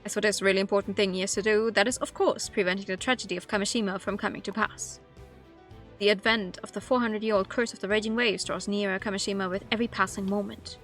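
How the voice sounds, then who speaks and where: A woman's voice: medium pitch, fairly even intonation, quick pace, fairly bright tone, soft background music, lightly acted. A woman reading the lines of a polite, ceremonious announcer figure in a game. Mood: formal. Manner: formal, ceremonious. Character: formal mysterious announcer, polite and grand.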